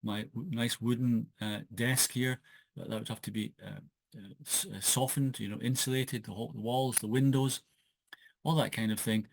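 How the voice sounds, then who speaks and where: A man's voice: medium pitch, fairly even intonation, normal speed, vocal fry, dry recording. A Scottish man, an author hosting his own channel, talking casually and hesitantly with many fillers and restarts, recorded on a laptop microphone in his home office. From Scotland. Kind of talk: casual solo podcast talk. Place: home office with wooden desk. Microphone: laptop built-in microphone.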